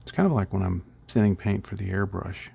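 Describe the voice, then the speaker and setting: A man's voice: low-pitched, a little fast, vocal fry, a little mellow, breathy edge. A middle-aged man casually rambling through a miniature painting tutorial, chuckling at his own slips.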